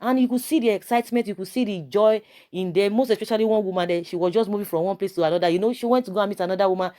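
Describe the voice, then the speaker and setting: A woman's voice: medium pitch, rapid-fire, warm tone. A woman with a Nigerian accent giving passionate, preachy video commentary, full of rhetorical questions and stammered repeats.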